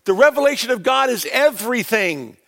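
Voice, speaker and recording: A male preacher delivering a sermon, stressing key words loudly and then dropping into quieter, lower phrases. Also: sing-song, a little fast, creaky. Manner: emphatic, swings between loud stresses and quiet low phrases.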